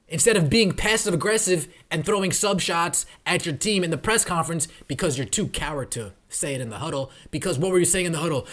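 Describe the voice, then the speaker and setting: A man's voice: fairly high pitch, a bit bright. Fired-up, profane male sports podcaster. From New York tri-state area. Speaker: podcast host. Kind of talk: ranting sports commentary.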